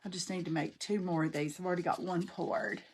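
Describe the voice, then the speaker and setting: A middle-aged woman with a drawl chats through a craft livestream, her voice a little gravelly and fry-tinged. She talks in a homey, folksy way, greeting viewers by name as she works on her project. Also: on the low side, fairly even intonation, a little fast, darkish tone, a little hiss or hum.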